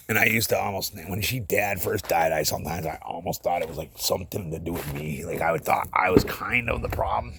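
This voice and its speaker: A man's voice: deep voice, brisk, vocal fry, hardly any pauses, noisy background. A man talking in a rambling, self-deprecating vlog monologue, often dropping to a whisper, recorded outdoors at night.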